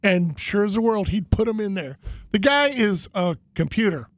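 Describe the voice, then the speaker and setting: A man with a notably high speaking voice tells a rambling, animated story in casual conversation, slipping into the voices of the people he describes. The sound is close and dry, with no room around it. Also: moderate pace, dry recording.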